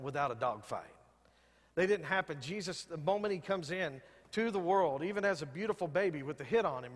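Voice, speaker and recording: Preaching man in a reverberant church. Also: a little high. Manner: emphatic call-and-response preaching with repeated rallying phrases. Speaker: pastor. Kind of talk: sermon. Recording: long hall reverb.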